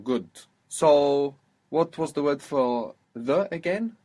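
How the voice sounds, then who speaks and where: A man teaching a spoken language lesson, patiently prompting his student with questions and modelling phrases slowly. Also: a little high, animated, dark tone.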